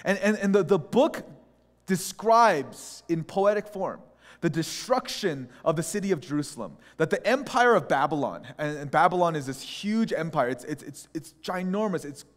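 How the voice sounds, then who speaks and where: A male pastor with a somewhat high voice, preaching in a relaxed, conversational way and telling stories with strong opinions. His words trail off into the long reverb of a church sanctuary. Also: normal speed. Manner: opinionated, animated storytelling. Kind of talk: conversational sermon.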